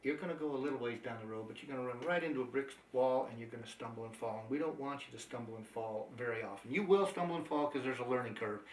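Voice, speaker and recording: A man's voice: medium pitch, fast talker, few pauses, slight background noise. Emphatic male trainer in an echoey room. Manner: upbeat, emphatic, coaching. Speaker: network marketing trainer. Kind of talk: motivational training talk. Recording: echoey room, mic at a distance.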